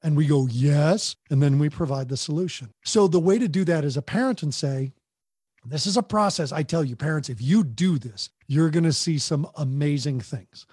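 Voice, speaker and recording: A man's voice: a little high, normal speed, a little mellow, slightly rough, dry recording, studio quality. A middle-aged man giving earnest, emphatic parenting advice as a podcast guest.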